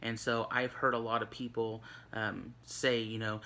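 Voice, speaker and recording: Bright-voiced male teacher, chatty. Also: mid-range voice, little pitch movement, unhurried, creaky, hardly any pauses. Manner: conversational, many fillers and restarts. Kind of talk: recorded online lesson. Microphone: recorded for an online video.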